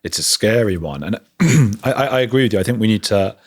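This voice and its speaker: Quick-talking male podcast host. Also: lowish voice, expressive, husky. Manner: chatty, restarts and stumbles while thinking aloud. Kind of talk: casual podcast conversation.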